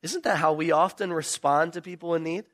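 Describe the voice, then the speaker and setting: Animated male preacher, slightly high voice. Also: fairly quick. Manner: animated storytelling, emphatic questions. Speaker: pastor. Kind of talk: sermon.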